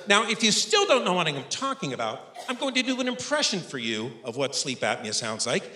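A man in his fifties doing live stand-up comedy on stage, animated and self-mocking. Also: on the high side, a little fast, slight background noise. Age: 50s. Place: stage before a live audience. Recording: echoey stage room with audience.

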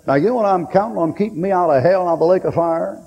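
A man preaching a fiery sermon, blunt and joking, breaking into sudden shouts. His voice sits fairly high for a man. The old recording is dull and faint with hiss, set in a hall with a long echo. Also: fast talker, creaky.

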